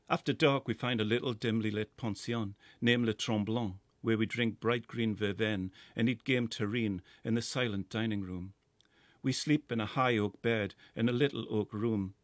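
Geordie male narrator, middle-aged, measured lyrical read, mid pitch, dry booth sound. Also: no echo. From North East England. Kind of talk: scripted first-person narration.

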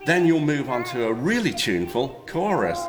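A man's voice: medium pitch, big pitch swings, moderate pace. A man explaining music history as an interview guest, with patient, lecturing explanations.

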